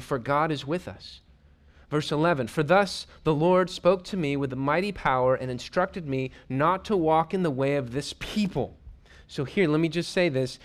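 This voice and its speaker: A man preaching a sermon, reading scripture aloud and explaining it, building to emphatic points and then dropping low and quiet. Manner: drops to a low, quiet tone to drive points home.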